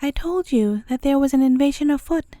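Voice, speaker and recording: A woman's voice: high-pitched, fairly quick, warm tone, no echo, clean studio sound, lightly acted. A woman voicing an indignant male wild boar in a storybook, huffy and determined.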